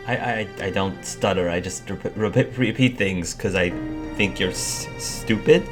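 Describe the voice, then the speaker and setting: A man voicing a timid young male student who stutters heavily and climbs higher in pitch when flustered. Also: music in the background. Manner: stuttering, halting, rises high when flustered.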